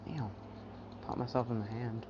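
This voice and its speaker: A man's voice: medium pitch, little pitch movement, moderate pace, lightly acted. A man voicing a laid-back, bashful teenage boy hero, in an offhand, mumbled way. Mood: easygoing. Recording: dull, noisy home mic.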